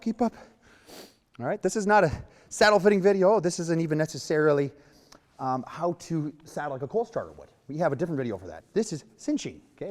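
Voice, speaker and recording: A man giving a hands-on lesson as a horse trainer, with coaxing, rhythmic repeated cues and soft praise. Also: on the high side. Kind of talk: hands-on instruction.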